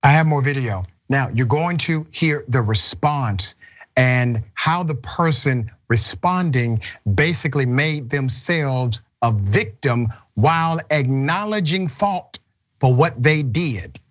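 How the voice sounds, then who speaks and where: A man's voice: mid-range voice, takes it slowly, muffled recording. A man hosting a news commentary show, blunt and indignant as he reacts to clips. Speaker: host.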